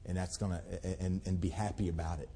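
A man preaching a sermon as a pastor, telling folksy stories and swinging from loud outbursts to hushed pleading. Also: low voice, steady tone, quick pace, slight background noise. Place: church sanctuary. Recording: long hall reverb.

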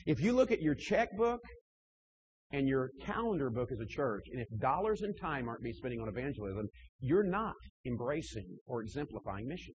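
Emphatic husky-voiced male preacher. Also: medium pitch, very animated, fairly quick, muffled recording. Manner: emphatic, rising and dropping in volume, frequent restarts. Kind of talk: sermon to church leaders.

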